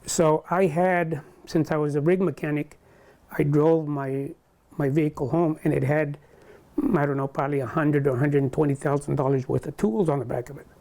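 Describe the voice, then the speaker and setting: An older man being interviewed, recounting a personal story in a halting way, full of restarts. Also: a little high, level tone, vocal fry, warm tone. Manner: halting, with many restarts and quoted dialogue.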